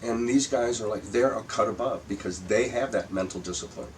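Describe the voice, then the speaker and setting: An older male comedian with a low voice tells rambling, profane anecdotes, often starting his sentences over. He is recorded from a distance. A faint hiss sits under the sound. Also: brisk. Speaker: guest comedian. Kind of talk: casual interview storytelling.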